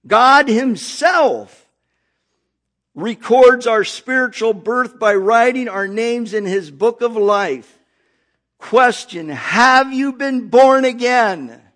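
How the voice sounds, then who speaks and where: A man delivering a sermon in a high, ringing voice. He takes his time, stretching phrases and pausing so the congregation can follow. He reads scripture aloud with emphatic weight. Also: fairly bright tone. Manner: slow, emphatic, calling out to the congregation. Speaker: preacher.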